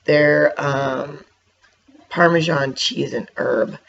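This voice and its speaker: A man's voice: a little high, steady tone, very slow, vocal fry, fairly bright tone. A man casually reviewing snacks for his viewers, chatty and hiccuping now and then. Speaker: vlogger. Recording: dull lo-fi sound with faint noise.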